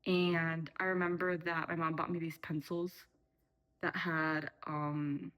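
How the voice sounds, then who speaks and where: A woman's voice: low-pitched, level tone, takes it slowly, fairly bright tone, poor audio. A young woman talking unscripted in a rambling, chatty way, full of fillers, while making tea at home. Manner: rambling, chatty, frequent fillers and self-corrections. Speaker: vlogger. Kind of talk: unscripted casual chat.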